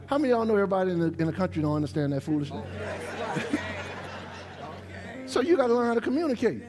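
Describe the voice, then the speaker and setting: Animated high-voiced New Orleans preacher. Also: male voice, very fast, music in the background, a crowd in the background. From New Orleans, USA. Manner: animated preaching, dialect-rich, talks straight to the congregation. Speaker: pastor. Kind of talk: sermon. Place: church sanctuary.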